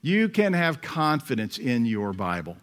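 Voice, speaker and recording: Male pastor, middle-aged, mid-pitched voice; chatty expository sermon full of rhetorical questions. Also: big pitch swings, measured pace. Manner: conversational preaching with rhetorical questions and asides.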